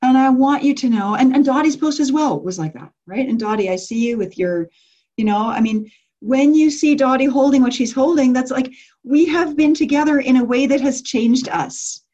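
On a group call, a retreat leader talks in a lively, informal way, restarting sentences, using fillers, and acting out quotes while laughing. She has a high-sitting voice and a moderate pace, heard through dull audio.

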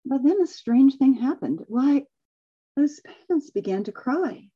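A woman reading a rhyming children's story aloud with lively expression, then leading a group discussion over a video call and laughing often. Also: high-pitched, a little slow, muffled recording. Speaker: workshop facilitator.

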